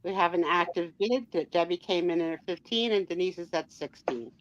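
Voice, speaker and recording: A woman's voice: fairly low pitch, moderate pace, muffled recording, a little hiss or hum. A woman co-hosting a live vintage sale, chatting and calling out bids from viewers. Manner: chatty, runs the bidding and teases viewers.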